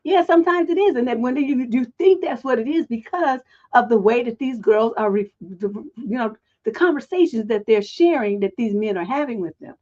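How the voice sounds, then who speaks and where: Lady coach going off on a livestream, cussing a lot, high-pitched, kinda muffled audio. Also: lively intonation, normal speed, hardly any pauses, a little mellow. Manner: blunt, profane, ranting. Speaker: relationship coach. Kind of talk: livestream advice show.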